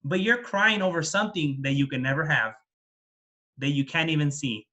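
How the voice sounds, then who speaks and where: A man voicing a small boy in a told story, a son returned from heaven who pleads and then lectures his father calmly. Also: on the high side, moderate pace. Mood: lecturing.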